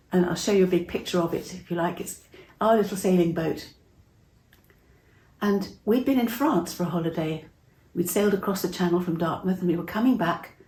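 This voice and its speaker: A woman's voice: lowish voice, dark tone, roomy sound, poor audio. An older woman telling a Bible story to young children, chatty and interactive, asking them questions as she goes.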